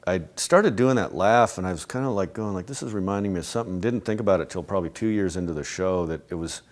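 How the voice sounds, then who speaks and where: A middle-aged man with a deep, low voice is giving a relaxed interview. He rambles loosely and keeps breaking off and restarting his sentences, with soft laughs in between. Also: fast. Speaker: interviewee, animation creator. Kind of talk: casual reflective interview talk.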